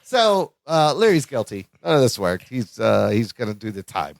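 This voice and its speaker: A man's voice: medium pitch, normal speed, gravelly, dry recording, studio quality. A man co-hosting a podcast, chatting casually as he recaps a sitcom episode and acts out its lines. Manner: animated, acts out quotes from the episode. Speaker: podcast co-host.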